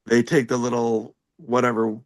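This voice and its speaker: A man's voice: medium pitch, monotone, normal speed. A man chatting on a podcast in a loose, rambling way, leaning on filler words and wry jokes. His voice sits mid-range and the sound is dry with no room echo. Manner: rambling, heavy use of "like" fillers; wry, joking. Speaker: podcast panelist living with epilepsy. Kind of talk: casual podcast chat.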